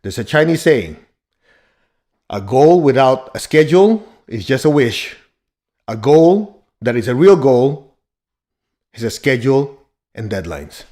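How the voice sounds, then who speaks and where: A man's voice: medium pitch, big pitch swings, a little slow, pauses often, darkish tone. A man giving a motivational teaching talk as a spiritual teacher, blunt and emphatic, joking and laughing as he drives points home.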